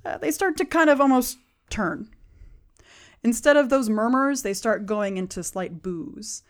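A woman's voice: a little high, lively intonation, a little slow. A woman narrating as game master of a tabletop game, casual with many fillers.

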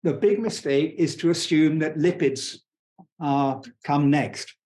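A man speaking as a guest scientist in an interview, talking fast and enthusiastically, blunt and digressive, with frequent restarts. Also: a little high, darkish tone. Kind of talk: conversational interview explanation.

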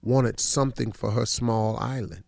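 A middle-aged man hosting a radio show, telling a story in a relaxed, colloquial way during casual morning chat. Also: on the low side, a little slow, gravelly, no room sound.

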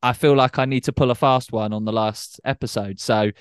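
Teasing podcast host, dry close sound. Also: male voice, mid-range voice, steady tone, fairly quick, smooth, no room sound. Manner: teasing, playful banter. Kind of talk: casual podcast chat.

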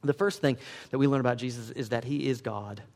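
A man, a pastor, preaching a sermon with animated swings between loud emphatic peaks and quiet asides, acting out the voices of people he quotes. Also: medium pitch, a little fast. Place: church sanctuary. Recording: long reverb of a church hall.

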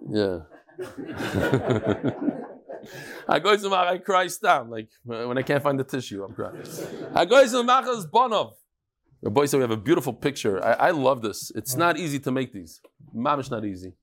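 In a mid-range voice at a moderate pace, a man teaches the daily Talmud class with liveliness and humor, telling stories and slipping Hebrew and Yiddish terms into his English.

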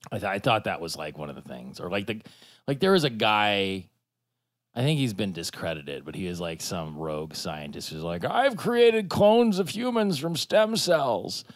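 Rambling man with a lively voice. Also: low-pitched, normal speed, no echo, clean studio sound. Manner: rambling, riffing, lots of restarts and fillers. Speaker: podcast co-host. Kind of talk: casual chat.

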